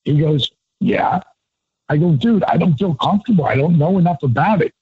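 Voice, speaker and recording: On a dull, dry lo-fi recording with no echo, a male interview guest spins a loose, profane story, animatedly changing his voice for each quote he acts out. He speaks at a normal speed in a slightly rough voice that's a little high.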